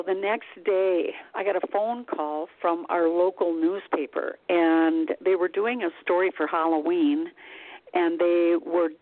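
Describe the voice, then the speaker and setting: A woman, telling her story in a casual interview, chatty and animated, with sighs and laughs. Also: lowish voice, no echo. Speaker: guest, psychic. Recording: tinny phone-like line, dry.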